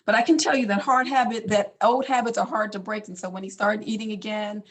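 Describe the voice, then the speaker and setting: A woman's voice: mid-range voice, fairly even intonation, fairly quick. A middle-aged woman speaks in an ordinary mid-range voice, telling a personal story loosely and casually. She fills her talk with little asides and restarts, speaking as a doctor addressing a community audience. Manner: casual storytelling, many fillers. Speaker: physician speaker.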